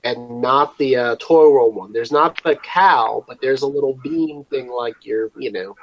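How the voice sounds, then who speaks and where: A man's voice: mid-range voice, unhurried, slight background noise. A man co-hosting a podcast in casual chat, rambling, self-deprecating and trailing off mid-thought. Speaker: podcast co-host. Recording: dull, dry lo-fi mic.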